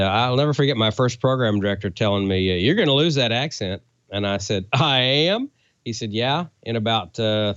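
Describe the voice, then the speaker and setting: A man's voice: fairly low pitch, no room sound, lo-fi sound. A man from Oklahoma, a radio broadcaster and co-host, telling stories in casual chat with lots of fillers. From Oklahoma, USA. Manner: relaxed storytelling with fillers.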